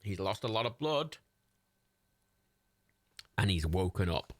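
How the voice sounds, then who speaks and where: Joking man, lively creaky voice. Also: mid-range voice, takes it slowly, long pauses, no echo. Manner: joking, swearing, chatty asides. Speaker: livestream host. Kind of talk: casual running commentary on a film.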